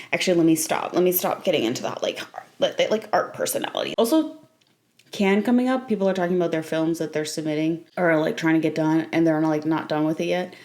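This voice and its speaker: A woman's voice: sits low, darkish tone. A young woman chatting casually in a late-night vlog, rambling and playful, breaking into squeals and laughter. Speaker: vlogger.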